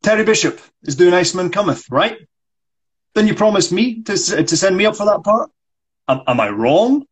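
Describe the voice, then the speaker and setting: A man's voice: high-pitched, sing-song, moderate pace, slightly rough, voice pushed up, full character voice, rough recording. A Scottish man reading the part of a frustrated, proud struggling actor in a script read-through, pushing back defensively. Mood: indignant. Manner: pushy, defensive complaining.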